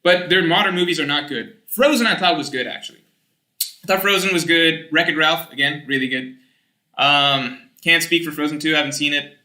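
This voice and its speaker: A young man streaming, reading chat aloud and rambling in casual, animated talk with some swearing. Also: fairly high pitch, moderate pace, reverberant.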